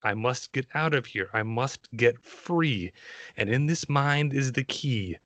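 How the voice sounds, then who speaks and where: A man performing an impression of a cold, menacing male machine agent who despises humans, with a put-on Australian-New Zealand accent and slow, measured delivery. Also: medium pitch, a bit bright, no echo, lightly acted. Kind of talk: dramatic film-monologue impression.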